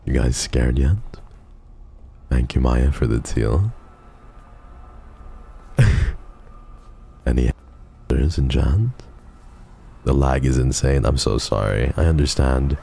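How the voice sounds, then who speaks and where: A man's voice: rumbling low, measured pace, creaky, pauses often, warm tone, husky. A man streaming a game live, chatting casually with his viewers, swearing and joking.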